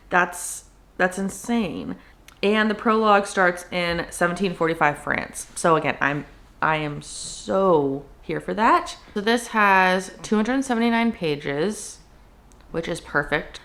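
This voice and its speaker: Young woman, book vlogger, casual chatty delivery, lowish pitch, filler-heavy. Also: animated, takes it slowly, vocal fry, a bit bright. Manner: chatty, peppered with "like" and "um". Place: at home indoors.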